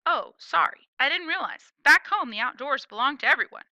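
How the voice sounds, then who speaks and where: A woman's voice: high voice, animated, fairly quick, bright, forceful tone, no echo, lo-fi sound, pitched above the performer's own voice, heavily acted. A woman voicing an eager, chatty girl of nearly nine who fires off bubbly questions.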